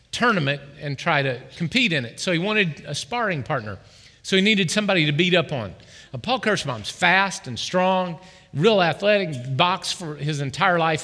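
A man preaching a sermon as pastor, with a voice worn hoarse, joking and calling on the congregation to respond. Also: on the high side, bright, forceful tone. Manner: jokey, urges the congregation to respond. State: losing his voice. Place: church hall. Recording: long hall reverb.

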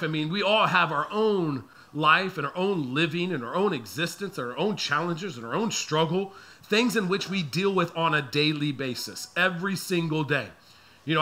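A male pastor in his thirties preaching to his church, with a very bright, ringing voice that sits slightly high. He tells stories with animation and acts out the voices of the people in them. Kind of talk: storytelling sermon.

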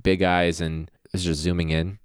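A man's voice: sits low, level tone, moderate pace, smooth, dry recording, clean studio sound. A man hosting a podcast in casual chat, rambling and playful, often restarting his sentences. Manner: rambling, self-interrupting, playful. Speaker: podcast host.

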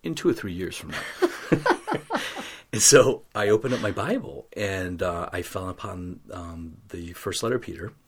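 A man's voice: low-pitched, sing-song, moderate pace, breathy edge. A man earnestly telling a personal faith story as an interview guest, acting out the voices in it. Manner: earnest storytelling, acts out quoted dialogue.

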